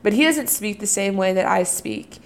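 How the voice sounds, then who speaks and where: A woman's voice: mid-range voice, animated, normal speed. A young woman, a college student, talking casually and earnestly about her faith, often using "you know" and "like". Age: young adult. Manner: earnest, reflective, many fillers like "you know" and "like". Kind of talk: casual devotional talk.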